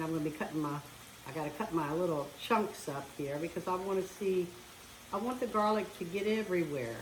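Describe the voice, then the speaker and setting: A woman's voice: lowish voice, a little hiss or hum. Chatty woman cooking in an echoey kitchen. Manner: chatty, talks while cooking. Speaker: home cook. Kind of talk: casual cooking demonstration. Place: home kitchen. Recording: echoey kitchen with frying sizzle.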